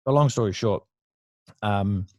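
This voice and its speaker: Australian man, thirties, low voice, dry close sound, blunt and chatty, swears freely, casual interview storytelling. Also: unhurried, a little mellow, no room sound. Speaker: guest entrepreneur.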